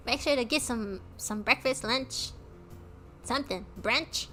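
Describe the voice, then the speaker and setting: A bright-voiced woman streamer chats with her viewers while playing a game. She talks loosely, laughing and asking people in chat how they are. Soft game music runs behind her. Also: fairly high pitch, a little slow. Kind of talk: casual let's-play commentary.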